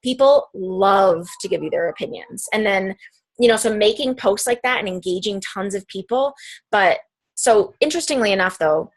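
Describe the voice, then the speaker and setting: A young adult woman leading a team call as a coach, talking casually with lots of "like" and "um" and quick tangents. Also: medium pitch, lively intonation. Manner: chatty, peppered with "like" and "um", fast tangents. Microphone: phone or computer call mic.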